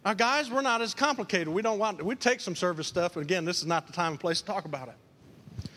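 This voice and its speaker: A man preaching a lively sermon as pastor, acting out quoted voices and repeating key lines for emphasis. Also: high voice, brisk, in a large hall, a little hiss or hum. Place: church.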